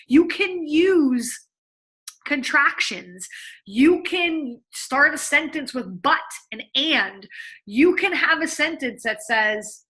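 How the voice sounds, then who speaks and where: A woman in her thirties coaching on writing copy, talking in a lively, conversational way and acting out the readers she quotes. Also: high-pitched, low-quality recording. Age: 30s. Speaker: copywriting coach. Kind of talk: lively teaching to camera.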